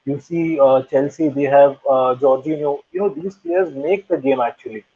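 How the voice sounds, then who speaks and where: A man's voice: mid-range voice, normal speed, husky. A man giving firm opinions in a casual football chat as co-host. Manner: opinionated, emphatic. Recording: tinny phone-like call line.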